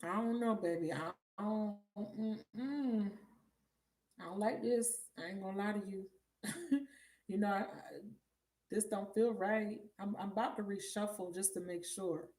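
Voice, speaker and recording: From her home, a woman gives live tarot readings in a mid-range, a little slow, slightly mellow voice. She keeps it chatty and blunt, swearing without restraint and calling viewers baby.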